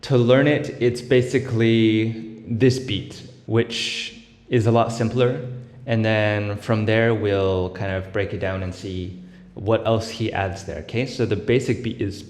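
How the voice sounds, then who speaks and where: A man's voice: on the low side, a little slow. Man explaining beatbox in echoey room. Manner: relaxed, explains step by step with many fillers, breaks into vocal sound demos. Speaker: beatbox tutor. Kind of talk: casual tutorial explanation. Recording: echoey room with long reverb.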